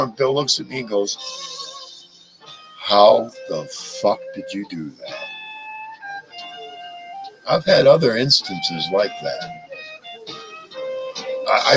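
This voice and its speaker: A man's voice: mid-range voice, vocal fry, a bit bright, low-quality recording. A middle-aged man hosting a live stream, telling rambling stories in a casual way and swearing freely. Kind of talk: casual storytelling chat. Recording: music playing in background.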